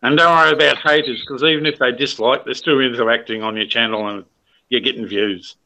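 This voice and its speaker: An Australian man in his sixties with a bright, forward voice, talking casually over a video call. He is blunt, swears freely and calls everyone mate. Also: medium pitch, steady tone, a little fast, gravelly, lo-fi sound. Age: 60s. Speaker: guest on a live stream. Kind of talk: casual chat.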